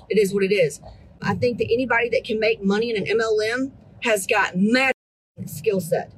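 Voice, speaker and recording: A woman's voice: on the high side, a bit bright, a little hiss or hum, poor audio. A woman in her thirties, a fitness coach ranting bluntly at her group, profane and exasperated. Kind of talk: blunt motivational rant.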